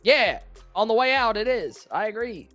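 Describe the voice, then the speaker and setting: A live-stream co-host rambles through casual chat, their voice leaping up and dropping back in an animated, loose way. They sit at a mid pitch and jump between bursts of excitement and quiet asides. Faint music runs in the background. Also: normal speed, no echo.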